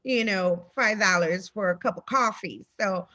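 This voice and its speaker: A woman's voice: mid-range voice, unhurried, pushed and bright, lo-fi sound. A woman co-hosting a casual chat show, bubbly and friendly, dropping Spanish phrases into her English over a call. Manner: bubbly, drops Spanish phrases, laughs often. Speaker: co-host.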